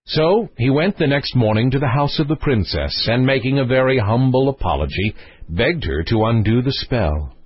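A man narrating a fairy tale in an expressive storytelling way. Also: medium pitch, moderate pace, husky, no echo. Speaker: audiobook narrator. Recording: dry, slightly dull recording.

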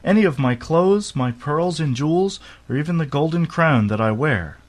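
A man's voice: on the high side, animated, moderate pace, pitched above the performer's own voice. A man voicing a spoiled, fretful young princess in a storybook reading. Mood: eager.

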